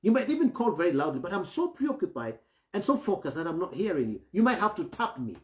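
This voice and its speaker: A man delivers a sermon with a pitch that swings widely, rising and dropping as he makes each point. He keeps pausing to ask whether the congregation is following him. His voice echoes around a reverberant hall. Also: big pitch swings. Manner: asks the congregation for assent often; acts out grumbling voices to illustrate. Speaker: preacher.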